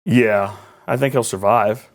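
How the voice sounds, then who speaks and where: A man speaking as a guest political journalist in an interview, his voice a touch low in pitch. He talks in a lively, rambling way, leaning on sarcastic asides as he makes his points. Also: a little slow.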